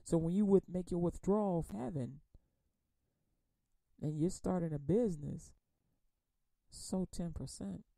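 This radio Bible teacher has a voice on the low side, warm in tone with vocal fry. She preaches in a chatty, folksy way full of repetition, then reads scripture slowly and with weight. The audio has no room sound.

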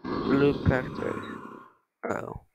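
Excitable man swearing through gameplay. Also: slow, heavy background noise. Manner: excitable, swears often, talks to chat. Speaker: gaming streamer. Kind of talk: let's-play commentary. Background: background music.

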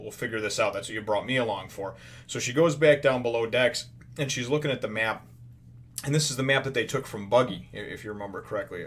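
A man's voice: medium pitch, a bit bright. A man casually recapping a comic chapter as the show's host, rambling with lots of fillers and restarts and loosely paraphrasing the characters. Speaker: manga review host.

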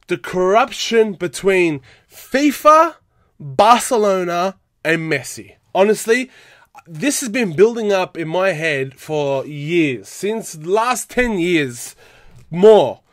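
Ranting young man, wildly animated pitch. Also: dry recording, clean studio sound. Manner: heated, exasperated ranting with bursts of laughter. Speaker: YouTube football vlogger. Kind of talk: angry ranting vlog.

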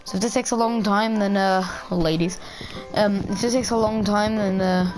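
A woman's voice: medium pitch, fairly even intonation, normal speed, darkish tone, faint music behind. Rambling young woman playing a game. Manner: rambling, giggly, crude jokes, talks to herself. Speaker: gameplay commentator. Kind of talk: casual let's-play commentary.

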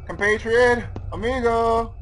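A man's voice: very high-pitched, steady tone, slow, fairly bright tone. A man screaming and swearing in panic while playing horror games. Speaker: gaming channel host. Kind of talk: horror gameplay commentary. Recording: game music and crowd noise over the mic. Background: game music and sound effects.

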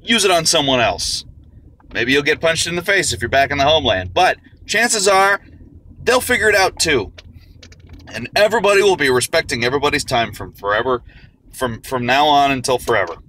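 A man's voice: on the high side, animated, a little fast, sharp tone, slight background noise. A man giving a casual comedic monologue, rambling and joking with some profanity. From United States. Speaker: vlogger.

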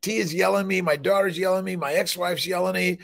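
A man's voice: sits high, fairly even intonation, quick pace, vocal fry. A middle-aged male fertility doctor hosting a morning livestream, talking in an emphatic, rambling way with blunt, profane asides. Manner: emphatic, rambling, peppered with "listen" and "right?". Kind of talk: energetic motivational monologue.

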